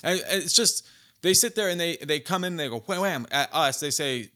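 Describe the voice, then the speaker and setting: A man's voice: a little high, expressive, brisk, sharp tone. A man co-hosting a casual sports talk show, arguing back at rival fans with sarcasm. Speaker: podcast co-host.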